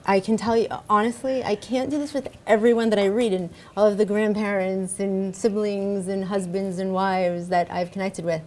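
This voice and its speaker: A middle-aged woman speaking as a spirit medium guest in casual interview chat, warm and enthusiastic, often repeating herself. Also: mid-range voice, level tone, normal speed, hardly any pauses. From United States.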